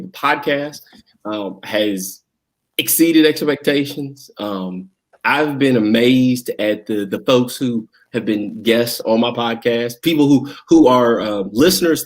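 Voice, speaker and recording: A man from Southwest Virginia with its country accent, talking casually as a guest in an interview, rambling with lots of fillers and restarts. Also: mid-range voice. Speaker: guest, school district director.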